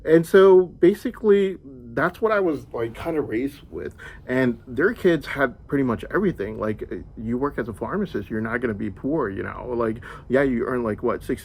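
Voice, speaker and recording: A man's voice: mid-range voice, moderate pace, a little hiss or hum. A young man from the United States telling a rambling personal monologue, wandering through his story and filling it with "like.". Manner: meandering storytelling, heavy use of "like".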